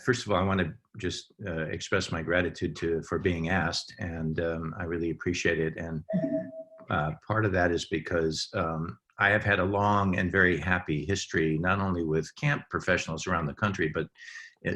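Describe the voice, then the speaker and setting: A man's voice: low-pitched, fairly bright tone. A man speaking earnestly to camp professionals over a video call, with many ums and uhs. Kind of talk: heartfelt talk to an online audience.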